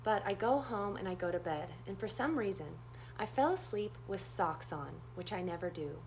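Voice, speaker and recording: A woman nurse telling a story in a casual first-person way, animated and acting out the dialogue. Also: normal speed, a little hiss or hum. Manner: animated, acts out quoted dialogue with big pitch jumps.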